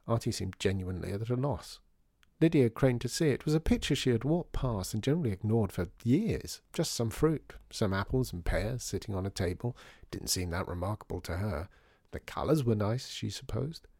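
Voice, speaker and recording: Gravelly, expressive male storyteller. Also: on the low side, moderate pace, no room sound, clean studio sound. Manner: expressive, lively reading. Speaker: narrator. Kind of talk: storybook narration.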